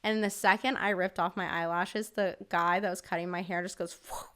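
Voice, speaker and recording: A woman's voice: lowish voice, fairly even intonation, brisk, a bit bright, smooth. A woman guest on a podcast telling a story in a casual, chatty way, filling her talk with "like" and swearing freely. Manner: chatty, filler-heavy with frequent "like", swears freely.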